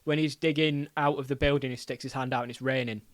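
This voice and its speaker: A man co-hosting a casual film podcast, excitable, swearing freely and retelling movie scenes. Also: mid-range voice, quick pace, no room sound. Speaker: podcast co-host.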